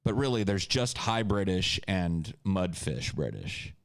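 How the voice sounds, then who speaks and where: A man's voice: low-pitched, big pitch swings, unhurried, no echo. A man hosting a podcast, talking in a crude, joking, ranting way. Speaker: podcast host. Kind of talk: casual comedic podcast chat.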